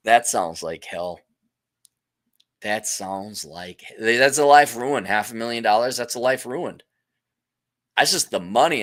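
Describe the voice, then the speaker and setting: Blunt, profane middle-aged man with lively pitch. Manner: blunt, profane, laughs often, shifts pitch and loudness a lot. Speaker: livestream host reading super chats. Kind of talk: casual livestream commentary.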